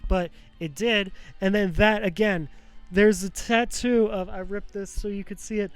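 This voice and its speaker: A man's voice: high-pitched, fairly even intonation, measured pace, clean tone, no echo, soft background music. A man hosting his show in a rambling personal monologue, raw and close to tears, swearing often and restarting his sentences. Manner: rambling, profane, frequent fillers and restarts. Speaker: show host.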